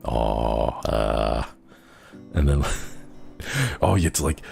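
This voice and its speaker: A young man with an extremely deep, low voice chats loosely with his viewers, wandering off on tangents and stacking up filler words as he goes. Faint music plays under his talk. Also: big pitch swings, measured pace, creaky, darkish tone. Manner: rambling, filler-heavy, giggly asides. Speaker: VTuber streamer. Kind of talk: casual chat.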